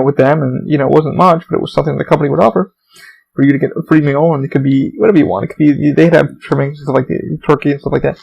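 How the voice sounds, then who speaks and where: The lo-fi sound carries a young man hosting a podcast on his own, his voice high-leaning, gravelly, husky, and a little mellow. He swears a lot, fills his rambling stories with fillers, and voices other people loudly.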